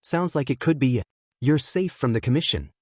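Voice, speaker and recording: A caring father reassuring his son, as a male narrator puts him on. His words are soft and comforting, with a dry, close sound. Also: medium pitch, expressive, normal speed, dry recording, natural voice. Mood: gentle.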